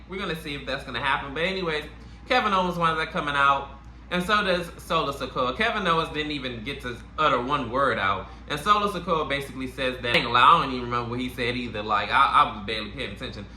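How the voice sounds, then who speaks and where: A man with a New York accent recaps wrestling shows in a loose, slangy, animated way. His voice is bright and cutting. It sounds like he's talking in an echoey room, with faint noise under it. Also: a little high. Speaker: wrestling review host. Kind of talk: casual YouTube review.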